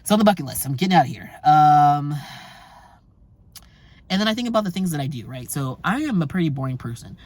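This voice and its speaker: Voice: mid-range voice, lively intonation, a little fast, long pauses, darkish tone, dry recording. A travel vlogger, talking casually and emphatically to camera, swearing now and then and breaking into short laughs between points.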